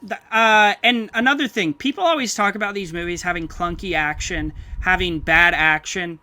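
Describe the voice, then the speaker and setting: A man's voice: sits high, sharp tone. A man co-hosting a film podcast, talking with enthusiasm and speeding up when he makes a point. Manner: enthusiastic, rapid bursts when making a point. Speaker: podcast co-host. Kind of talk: casual film podcast chat.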